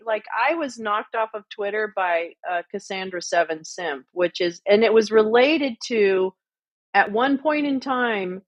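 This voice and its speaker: A woman hosting a livestream, talking in blunt, profane casual chat and telling stories with animated energy. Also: on the high side, no room sound. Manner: blunt, sweary, animated storytelling. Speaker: livestream host. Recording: muffled lo-fi audio.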